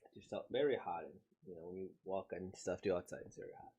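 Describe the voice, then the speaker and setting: A man's voice: sits low, quick pace, warm tone, husky. A man casually reacting to a comic he is reading aloud, rambling with many fillers.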